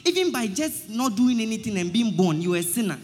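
A man's voice: sits high, expressive, brisk, a little mellow, in a large hall. A man, preaching to his friends in a comedy skit, pleading, stammering over his words and quoting scripture. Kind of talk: comic street-style preaching.

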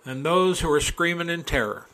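A male preacher delivering a sermon, reading scripture aloud and breaking into folksy asides, climbing to loud, impassioned peaks. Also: a little high, expressive, normal speed.

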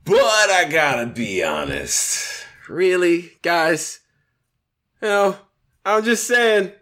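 A man co-hosting a casual podcast chat, animated and often laughing, his voice jumping high when amused. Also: takes it slowly. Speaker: podcast co-host.

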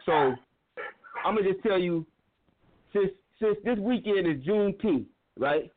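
Male guest on a call-in show, fervent storyteller, fairly high voice, tinny phone audio. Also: animated, a little slow. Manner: preacherly, storytelling, repeats phrases for emphasis. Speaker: guest, filmmaker. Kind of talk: impassioned talk-show monologue.

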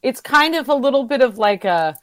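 A woman's voice: sits high, lively intonation, fairly quick, fairly bright tone, no echo. Woman co-host, casual chat, sympathetic, filler words, dry close recording.

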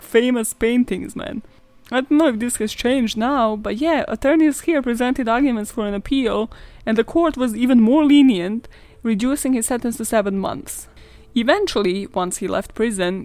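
A woman's voice: a little high, darkish tone, no echo. A young woman hosting a casual storytelling podcast, joking and swearing a lot as she talks. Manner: swears a lot, jokey and chatty. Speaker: podcast host.

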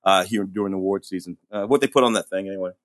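A man in his forties co-hosting a casual movie chat, halting with restarts and laughing asides. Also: low-pitched, dry recording. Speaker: co-host.

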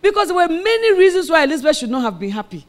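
A woman preaching with a storyteller's flair, moving from quiet recounting to loud, shouted calls to the congregation. She plays out the voices of the people in her story as she goes. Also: very high-pitched, very animated, rapid-fire. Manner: storytelling, acting out quoted voices, rising to shouted exhortation. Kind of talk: sermon with personal story.

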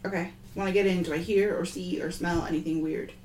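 A woman's voice: fairly low pitch, fairly even intonation, fairly quick, a little mellow. A woman playing a tabletop role-playing game, eagerly planning her character's moves. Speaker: player. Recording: echoey room with faint noise.

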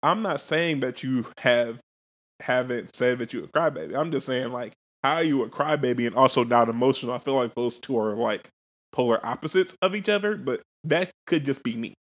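A man's voice: medium pitch, animated, fairly quick, fairly bright tone. Laid-back, rambling man podcast co-host. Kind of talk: casual podcast chat.

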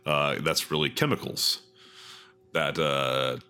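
A man from Texas co-hosting a comedy podcast, talking in a wry, deliberate, profane way. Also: a bass voice, fairly even intonation, pushed and bright, clear, resonant tone, soft background music. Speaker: podcast co-host. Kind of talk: casual comedy chat.

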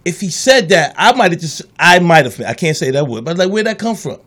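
Man, radio co-host, high voice, rapid speech, pushy debating, AAVE. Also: big pitch swings, a bit bright. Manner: fast, insistent, talks over others. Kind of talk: heated casual debate.

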